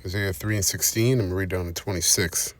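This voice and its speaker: A man's voice: low voice, fairly even intonation, quick pace, dry recording. A man preaching and commenting on scripture, driving each point home with repeated "all right?" checks. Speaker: religious teacher.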